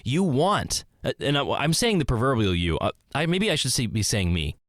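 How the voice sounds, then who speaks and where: Man, podcast host, rambling and self-correcting, animated voice, dead-dry recording. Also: mid-range voice, normal speed, no echo. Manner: rambling, self-correcting, acts out both sides of a conversation. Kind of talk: solo reflective monologue.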